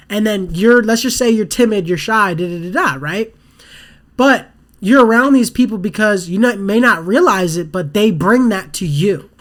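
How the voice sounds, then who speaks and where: A casual podcast host thinks out loud in a meandering monologue, leaning on "you know" and "like" and restarting sentences midway. They often slip into little quoted asides, voicing what someone thinks to themselves. The pitch sits in an ordinary middle range. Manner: rambling, loose, full of "you know" and "like", restarts mid-sentence; acts out inner thoughts in quoted asides.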